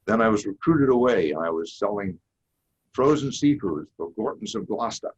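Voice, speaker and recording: Guest speaker, eighties, Boston accent; low and raspy, unhurried folksy storyteller; muffled lo-fi sound. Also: male voice, animated. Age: 80s. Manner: measured, folksy storytelling with occasional restarts. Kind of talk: prepared seminar talk. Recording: dull lo-fi recording.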